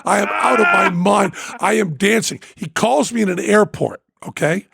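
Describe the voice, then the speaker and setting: Gravelly, excitable man telling a story. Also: high voice, normal speed, a little hiss or hum. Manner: excitable, bursts into loud laughter and shouting. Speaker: podcast host. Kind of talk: casual storytelling chat.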